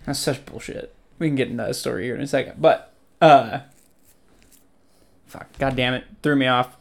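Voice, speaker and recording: A man's voice: mid-range voice, steady tone, moderate pace, vocal fry. Rambling young man, casual chat. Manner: rambling, teasing, swearing.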